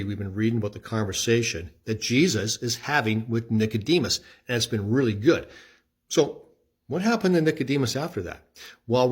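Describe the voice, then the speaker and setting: A man's voice: mid-range voice, breathy edge. A man talking casually through a Bible passage as a pastor, emphatic and conversational, acting out the quoted voices. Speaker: pastor giving a short Bible devotional.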